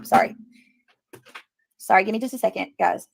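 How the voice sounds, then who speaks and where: Earnest woman hosting a livestream, gravelly voice. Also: mid-range voice, moderate pace, a little hiss or hum. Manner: earnest, repeats herself for emphasis; talks to chat while reading comments. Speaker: livestream host. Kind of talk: casual live commentary.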